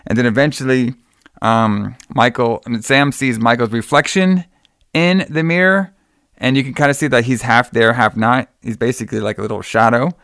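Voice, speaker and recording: A man's voice: medium pitch, normal speed, creaky, a bit bright, no echo, clean studio sound. Casual man retelling a film plot. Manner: rambling retelling with acted-out quotes. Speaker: podcast co-host recapping a film. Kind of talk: casual chat.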